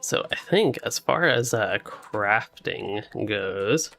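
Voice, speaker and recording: Male gaming streamer, sleepy and easygoing, gravelly voice, light music behind. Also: on the low side, takes it slowly. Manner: relaxed, rambling, laughs often. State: sleepy, yawning. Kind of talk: casual co-op gameplay chat.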